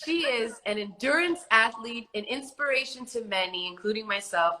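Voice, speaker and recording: Host: New York woman, bright tone, a touch high, chatty livestream banter over a phone. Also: normal speed, rough recording. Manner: chatty, loose, laughs often. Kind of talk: casual livestream chat. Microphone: phone on a livestream video call.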